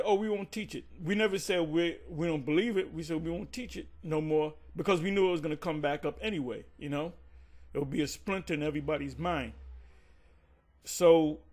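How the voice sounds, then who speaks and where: A man casually recounting a past church conflict, animated and swearing freely, acting out the others' lines in a raised voice. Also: on the high side. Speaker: teacher recounting church history. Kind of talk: casual storytelling monologue.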